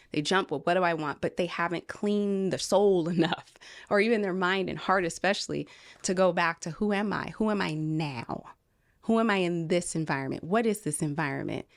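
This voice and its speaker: A woman from California talking earnestly as a podcast guest, animated and quoting people in different voices. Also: fairly low pitch, no room sound. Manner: earnest, animated storytelling, quotes others in voices. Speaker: podcast guest, film producer. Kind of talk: casual conversation.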